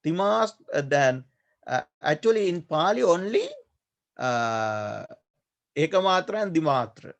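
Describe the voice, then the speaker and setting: A male Buddhist monk teaching a class on Pali grammar, speaking slowly, repeating key words and pausing often with fillers. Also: on the high side, very animated, creaky. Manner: slow, repetitive, hesitant with many fillers. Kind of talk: online class lecture.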